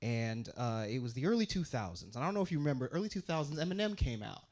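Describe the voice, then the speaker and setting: A young man from Utah performing a stand-up comedy set, animated, leaping into loud high character voices and dropping to low asides. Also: quick pace.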